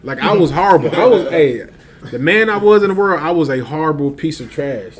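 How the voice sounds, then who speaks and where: A man's voice: fairly high pitch, expressive, brisk, crowd noise. A man telling a long street story in casual slang, laughing often and acting out the other voices.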